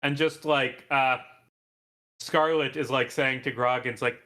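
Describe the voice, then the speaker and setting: A man's voice: medium pitch, steady tone, unhurried, pushed and bright. A man running a tabletop game as dungeon master, rambling with lots of fillers and casual swearing.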